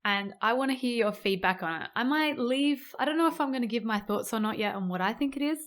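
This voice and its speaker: A woman hosting a podcast, talking casually to listeners in an animated, chatty way and switching to a newsreader voice to read articles aloud. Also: fairly high pitch, fast. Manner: chatty, animated, laughs easily; puts on a newsreader voice when reading articles. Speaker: podcast host. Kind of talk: casual podcast chat and reading news articles.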